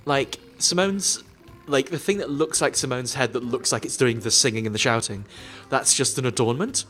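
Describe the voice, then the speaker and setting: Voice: medium pitch, normal speed, fairly bright tone, soft background music. A co-host of a casual game stream, explaining things in a chatty, rambling way with many fillers. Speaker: let's play co-host. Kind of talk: casual gameplay commentary.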